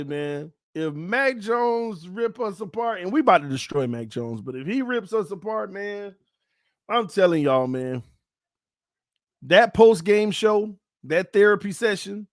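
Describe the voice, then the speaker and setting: Excitable high-voiced man talking sports. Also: no echo, clean studio sound. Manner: playful, excitable, swings between calm and shouting. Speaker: sports channel host. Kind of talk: casual fan commentary to viewers.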